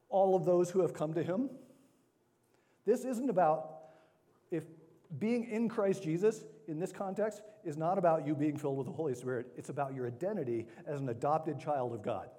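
A male preacher delivering an energetic, emphatic sermon to a congregation, repeating key phrases for weight. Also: fairly high pitch, moderate pace, long pauses. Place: church sanctuary. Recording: long hall reverb.

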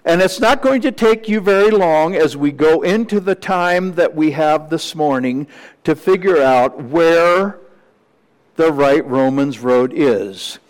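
High-pitched guy preaching slow and measured, teacher vibe, chats to the congregation now and then. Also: long reverb tail, low-quality recording. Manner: measured, teacherly, with asides to the room. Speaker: pastor. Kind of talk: sermon.

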